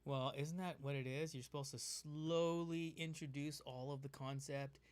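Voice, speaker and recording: A man's voice: a little high, steady tone, normal speed, clear, resonant tone. A man co-hosting a podcast in casual chat, joking around and slipping into silly voices. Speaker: podcast co-host.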